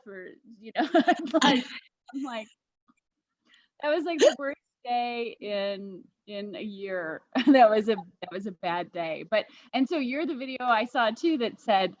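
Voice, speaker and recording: A woman hosting a casual livestream chat, talking quickly in asides and laughing often. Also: a little high, animated, dry recording. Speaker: livestream host. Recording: dull, dry lo-fi sound.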